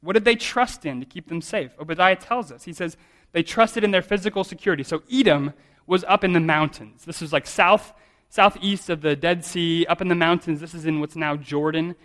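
A man's voice: a little high, brisk, fairly bright tone. A man in his thirties, a pastor preaching a sermon in a conversational, self-deprecating way, often restarting his sentences.

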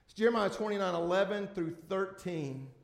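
A man preaching a sermon as pastor to a congregation, emphatic, swinging between loud bursts and hushed, drawn-out words, repeating key words for emphasis. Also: high voice, gravelly. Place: church sanctuary before a congregation. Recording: echoey room.

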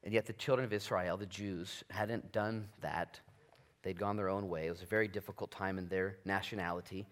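A man preaching a conversational Bible-study sermon as pastor, animated, moving between loud emphasis and quiet asides. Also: low-pitched, fairly quick. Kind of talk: expository sermon. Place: church sanctuary.

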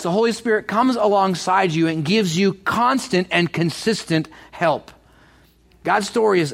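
Animated, stumbling middle-aged male pastor. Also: high voice. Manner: animated, builds to excited bursts; stumbles and repeats words often. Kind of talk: sermon.

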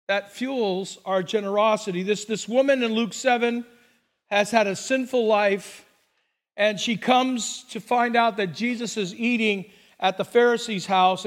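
A pastor preaching a sermon in a conversational storytelling manner, asking the congregation questions. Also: male voice, high-pitched, long reverb tail.

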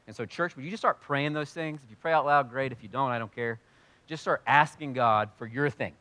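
A man preaching as pastor to his congregation, energetic and joking, with loud bursts of emphasis as he leads a prayer time in church. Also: mid-range voice, a little fast. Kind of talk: sermon leading congregational prayer. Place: church sanctuary.

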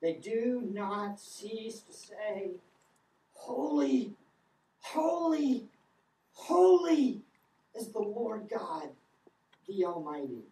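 A woman preaching a sermon in an impassioned style, her voice rising toward shouts. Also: medium pitch, slow pace. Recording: echoey room, picked up from a distance.

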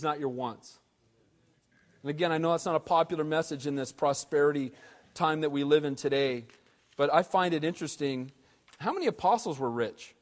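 A man preaching a sermon as pastor, animated and conversational, with casual slang. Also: on the high side. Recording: long hall reverb.

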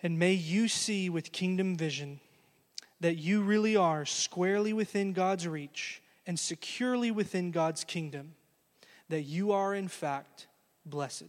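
A man preaching a sermon, telling a story earnestly and closing with a quiet blessing. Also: sits high, unhurried, big-room sound. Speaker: pastor.

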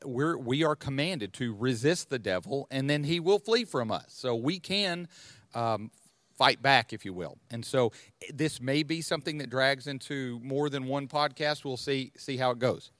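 A man hosting a podcast and teaching from the Bible. He speaks at a mid pitch, explaining things step by step and often pausing to rethink a phrase. The recording is close and dry. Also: a bit bright, no room sound. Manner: explanatory, thinking aloud with restarts.

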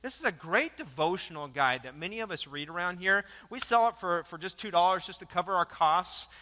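Male pastor, high and punchy, animated storytelling sermon, long church echo. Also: fairly quick. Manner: animated storytelling with repeated words and jokes. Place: church sanctuary.

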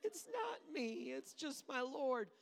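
A preacher mocking a falsely humble singer, using a high, tearful whimper. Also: big pitch swings, slow pace, creaky, heavily acted.

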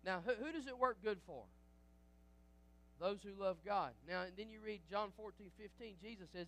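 A pastor preaches in a lively, conversational way, asking the congregation for an amen. His voice sits high for a man, and he often stumbles and restarts mid-sentence. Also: moderate pace. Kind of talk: sermon.

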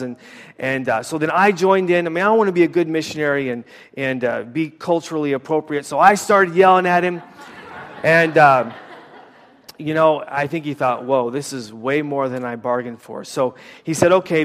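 An American man, a former missionary, preaching a sermon with a personal story, talking casually with many fillers and restarts. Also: on the high side. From United States. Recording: long reverb of a hall.

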